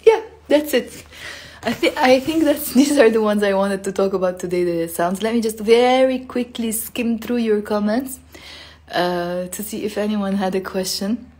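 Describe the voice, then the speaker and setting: Speaking at a moderate pace, this woman has a dark tone and medium pitch. Her live-stream language lesson is relaxed and chatty, heavy on filler words, with the sounds she's teaching demonstrated expressively.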